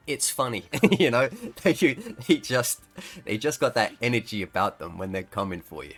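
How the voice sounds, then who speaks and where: A man's voice: medium pitch, expressive, normal speed, a bit bright. A man chats through his gameplay with easy, profane humor. He laughs often and slips into other players' voices for a joke. Faint game music plays underneath. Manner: joking, swearing, laughing, acts out players' lines. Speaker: gaming streamer. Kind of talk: casual gameplay commentary.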